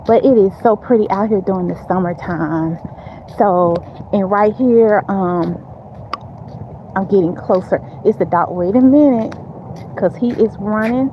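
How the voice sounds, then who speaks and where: A woman's voice: medium pitch, unhurried. A woman hosting a casual livestream, chatting with viewers and laughing often as she walks to her car, talking into a handheld phone. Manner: chatty, talks to chat readers, frequent laughs and fillers. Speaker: livestream host. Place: outdoors, walking to her car. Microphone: phone held in hand. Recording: dull phone audio with outdoor noise.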